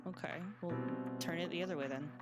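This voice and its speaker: A woman's voice: fairly low pitch, steady tone, fast, loud music behind the voice. A woman co-hosting a let's play stream, talking casually in a dry, matter-of-fact way about audio setup. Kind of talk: casual gaming chat.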